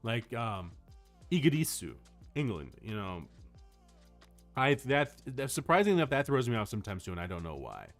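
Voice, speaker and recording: Male streamer, casual chat, expressive swooping voice, faint music behind. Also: on the low side, moderate pace, long pauses. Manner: animated storytelling with frequent restarts.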